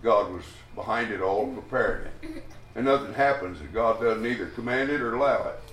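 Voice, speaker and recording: A man's voice: lowish voice, brisk, fairly bright tone, a little hiss or hum. A man preaching a sermon, teaching a Bible passage in a folksy, rambling way with restarts and chuckles. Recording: echoey room, voice from a distance.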